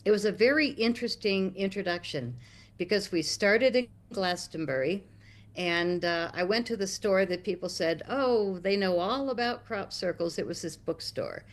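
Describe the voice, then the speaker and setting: A middle-aged American woman telling a long story in an interview, animated and acting out quotes with big jumps in pitch. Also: normal speed. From United States. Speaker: interview guest.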